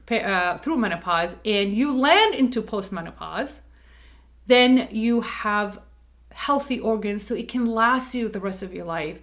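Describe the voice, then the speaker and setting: A woman's voice: on the high side, pushed and bright. A middle-aged woman talking candidly and emphatically to camera, full of "like" and "okay.". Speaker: dental practice staff speaking on camera. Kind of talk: casual personal talk to camera.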